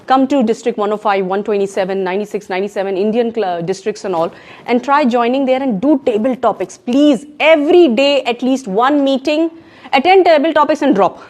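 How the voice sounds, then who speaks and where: A woman with a Pakistani accent giving an emphatic, animated talk on public speaking at a club meeting. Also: fairly high pitch, fairly quick. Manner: emphatic and animated, mixing in Urdu phrases. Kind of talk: education session talk. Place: meeting room in a co-working space.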